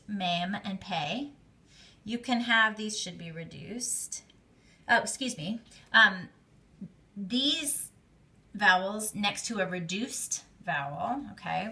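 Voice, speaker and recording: A woman's voice: medium pitch, gravelly, sharp tone. A woman teaching a class on Hebrew grammar, explaining step by step in a patient way with some fillers.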